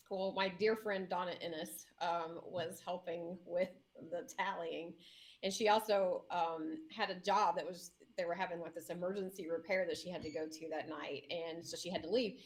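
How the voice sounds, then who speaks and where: Animated woman mayor telling a story. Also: fairly low pitch, normal speed. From Indiana. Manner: animated storyteller, acts out voices in shrieks and laughter. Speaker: mayor, guest. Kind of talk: casual interview storytelling.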